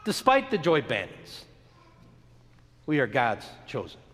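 A man preaching a sermon, telling a story with dramatic, emphatic pauses and a lot of expression. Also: medium pitch, huge pitch swings, a bit bright, long reverb tail. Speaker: pastor.

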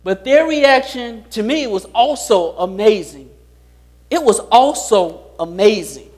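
A man's voice: high voice, expressive, slow, darkish tone. A pastor preaching a sermon, repeating his key lines and putting rhetorical questions to the congregation.

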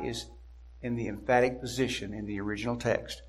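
With a medium-pitched voice, this male preacher works through an expository sermon at a measured pace. Important words get hard stress and are drawn out to drive them home.

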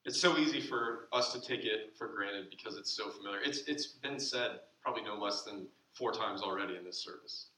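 A man delivers a sermon from the pulpit, his voice bright and ringing, stretching key phrases slowly and then letting them fall away quietly. The sound carries through a roomy church, picked up from some distance. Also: lowish voice, a little hiss or hum. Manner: slow deliberate emphasis, dropping to soft asides. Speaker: pastor. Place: church sanctuary.

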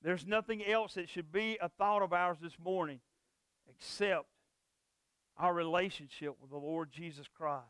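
A man's voice: high voice, a bit bright, clear, resonant tone, no room sound. A man pastor preaching a sermon and leading a closing prayer, in an emphatic style that repeats his key phrases. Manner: emphatic, repetitive preaching cadence.

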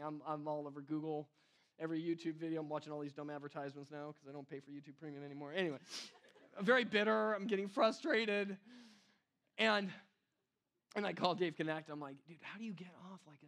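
A man's voice: fairly high pitch, fairly bright tone. A man preaching a casual sermon to his church, chatty and self-deprecating, often laughing at himself. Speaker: pastor.

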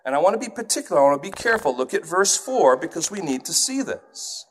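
A man who grew up in England, preaching a sermon in an animated way and putting on accents to illustrate his points. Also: on the high side, fast, a little hiss or hum.

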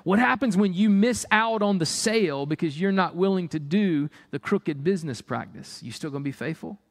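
A pastor with a high-pitched voice preaches a sermon at a normal speed. He is animated, firing off rhetorical questions and acting out the voices of the people he quotes.

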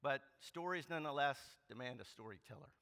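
A man's voice: medium pitch, lively intonation, fast talker, creaky, sharp tone, big-room sound. A man serving as pastor, giving a sermon with a scripture reading in a church sanctuary, speaking conversationally with frequent ums and light self-deprecating humor. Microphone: clip-on or body mic.

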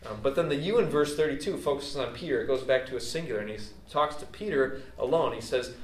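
A man's voice: mid-range voice, fast talker, slight background noise. Guy giving a laid-back sermon, lots of "like" and "you know", sounds kinda far from the mic in a roomy space. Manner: loose, chatty, with many fillers and restarts. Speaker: pastor. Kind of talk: casual conversational sermon. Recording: echoey room, mic at a distance, faint ambience.

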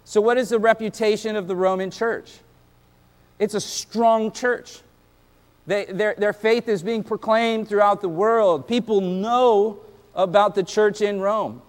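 Pastor, male, high-pitched; casual preaching style with asides, in a reverberant church hall. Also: unhurried. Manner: animated, conversational preaching with slang and asides. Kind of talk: sermon.

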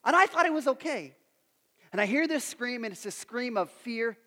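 High-voiced preacher in a reverberant hall. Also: male voice, expressive, moderate pace, sharp tone. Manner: self-deprecating storytelling, questions to the audience. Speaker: pastor. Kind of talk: sermon.

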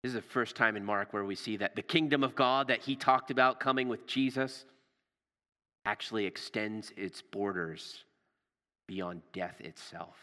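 Pastor guy telling the story in a sermon, lowish voice, big echoey hall. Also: moderate pace, bright, forceful tone. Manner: storytelling, rises for drama and drops low for tender words.

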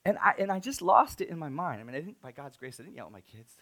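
Man, pastor, sermon storytelling, gravelly, bright tone, soft to loud swings. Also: on the high side, big pitch swings, quick pace.

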